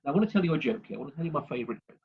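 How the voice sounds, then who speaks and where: A man's voice: fairly high pitch, expressive, racing, gravelly, husky, phone-quality sound. A man presenting a speaking workshop over a video call, rambling with many fillers and restarts as he shares anecdotes. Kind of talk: instructional talk with anecdotes.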